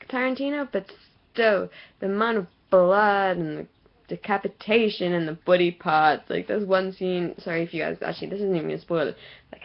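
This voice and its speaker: A woman's voice: mid-range voice, creaky, lo-fi sound. A young woman with an English accent ranting casually to camera, chatty and self-mocking, often laughing at herself. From England. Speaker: vlogger.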